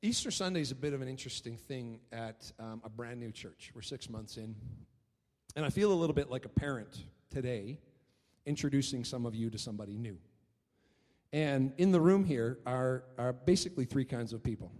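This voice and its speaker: A man preaching a sermon as pastor, telling stories in an animated way and often repeating his words. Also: medium pitch, brisk. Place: church hall. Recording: long reverb of a church hall.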